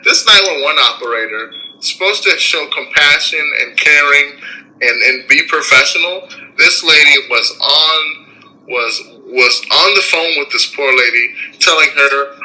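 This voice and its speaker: A man's voice: a little high, unhurried, pushed and bright, low-quality recording. A man hosting a podcast, commenting in a rambling, indignant way, full of fillers. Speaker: podcast host. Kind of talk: casual commentary.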